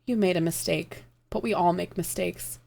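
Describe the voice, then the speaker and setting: A woman reading aloud and voicing a gentle, dying man who speaks softly and tenderly to the one he loves. Her voice has a gravelly edge. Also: on the low side, normal speed. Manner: soft, tender, quiet. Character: dying gentle male lover, tender and calm.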